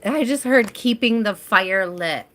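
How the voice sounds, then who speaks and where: A woman reads tarot live for her viewers in a loose, chatty way, calling people by name as she goes. Her voice is bright and forward, and she takes her time, letting her words come out unhurried. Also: medium pitch, expressive. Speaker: tarot reader hosting a live stream. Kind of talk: live tarot reading, casual chat.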